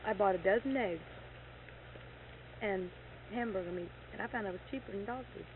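A woman's voice: medium pitch, normal speed. A middle-aged woman, a horse owner, telling stories in casual chat, acting out quoted dialogue and getting heated as she retells. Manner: animated, acts out quoted dialogue, gets heated retelling anger. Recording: tinny lo-fi tape with faint hiss.

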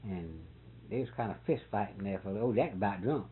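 An animated man spins a folksy yarn in casual conversation, his pitch leaping around as he acts out who said what. The recording is thin and tinny, like an old phone-line tape. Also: fast talker. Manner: folksy, animated, chuckling retelling. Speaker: storyteller in conversation. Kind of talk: casual storytelling chat.

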